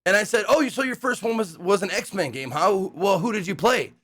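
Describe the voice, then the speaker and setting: A young man tells stories from a recent hosting gig in a loose, rambling way, swearing freely and bursting into excited voices when he quotes people. His pitch sits a little high and swings widely as he talks. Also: fairly quick. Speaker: streamer recapping a hosting gig. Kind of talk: casual storytelling recap.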